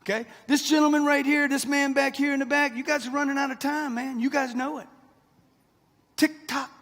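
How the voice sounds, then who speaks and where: A man's voice: very high-pitched, fairly even intonation, quick pace, fairly bright tone. A man in his sixties gives a brash, punchy motivational speech, talking straight to a live crowd in a large event hall. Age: 60s. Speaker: motivational speaker. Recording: long hall reverb.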